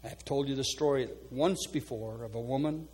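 A pastor preaches a sermon at a normal speed with a breathy edge, calling people forward in an altar call and then praying earnestly over them. When quoting prayers, his voice drops soft and low.

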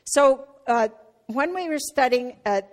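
A woman's voice: high voice, measured pace. Woman preaching in a chatty sermon. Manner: conversational, with fillers and restarts; gets loud and animated telling a family story. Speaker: church speaker.

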